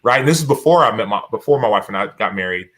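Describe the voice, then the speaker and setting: A man's voice: on the low side, animated, very fast, fairly bright tone. A man in his thirties, a podcast guest and author, telling stories animatedly in a casual interview, acting out quotes with many restarts.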